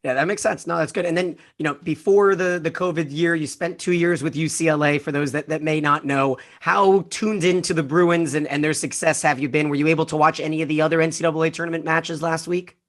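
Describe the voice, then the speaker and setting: A man's voice: a little high, fairly even intonation, brisk, hardly any pauses, fairly bright tone. A man hosting a sports podcast, asking long, friendly questions in a casual way. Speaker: podcast host. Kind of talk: podcast interview host.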